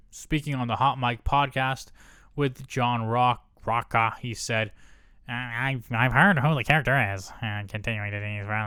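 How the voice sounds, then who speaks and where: A man hosting a casual news rundown, full of sarcastic, swearing asides. His voice is smooth and clear, at a middle pitch. The sound is dry and close, with no room echo. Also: a bit bright. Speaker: host.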